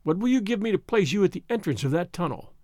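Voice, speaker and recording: Man doing a quiet, scheming jailer. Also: high-pitched, animated, no echo, studio quality. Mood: guarded. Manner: quiet and measured. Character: cautious, scheming male castle jailer.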